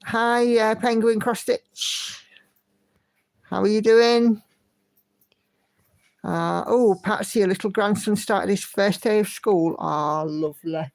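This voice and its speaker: A woman hosts a relaxed livestream from home, greeting viewers by name in a friendly, chatty way. Her voice has a gravelly edge, and the sound is dry and close. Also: mid-range voice, takes it slowly, long pauses, no echo. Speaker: livestream host. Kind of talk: casual livestream chat, reading viewer comments.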